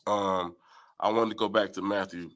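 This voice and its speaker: A man's voice: low voice, steady tone, moderate pace, fairly bright tone. A man leading a Bible study, reading verses aloud and explaining them, often asking "right?". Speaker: Bible teacher. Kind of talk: scripture study talk.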